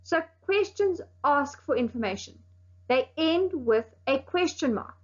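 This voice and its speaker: A high-pitched woman teaches a recorded lesson to young pupils. She explains carefully and leans on key words with firm emphasis. The sound is a little dull and lo-fi. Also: animated, measured pace.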